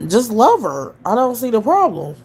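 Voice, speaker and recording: A woman's voice: fairly high pitch, wildly swooping pitch, normal speed, vocal fry, darkish tone, slight background noise. A woman hosting a livestream, ranting in blunt, profane commentary and firing off scornful rhetorical questions. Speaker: livestream host.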